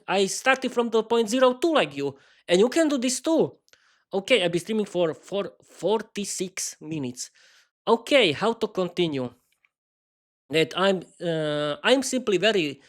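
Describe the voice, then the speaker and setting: A young man, a non-native English speaker, hosting his own podcast in a solo improvised live stream, rambling with many restarts and repeated words, earnest and laughing at himself. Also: high voice. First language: not English. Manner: earnest and self-mocking, often laughing at himself. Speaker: podcast host.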